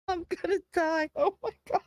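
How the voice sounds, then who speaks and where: A woman's voice: very high-pitched, fairly even intonation, measured pace, darkish tone. A woman hosting a casual livestream, telling a funny memory and breaking into helpless laughter again and again. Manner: laughing helplessly through her story. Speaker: livestream host. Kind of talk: casual storytelling chat. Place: room at home.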